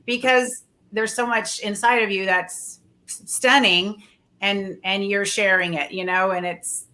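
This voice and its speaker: A woman's voice: mid-range voice, steady tone, a little slow, bright, forceful tone. A woman hosting a casual interview show, speaking in an effusive, gushing way. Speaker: talk show host.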